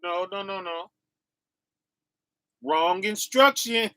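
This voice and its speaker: A man giving an informal sermon in casual slang, leaning on "right?" and "y'all", chuckling to himself and swinging between quiet asides and loud bursts. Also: sits high, slow pace, clean tone, no echo. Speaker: preacher.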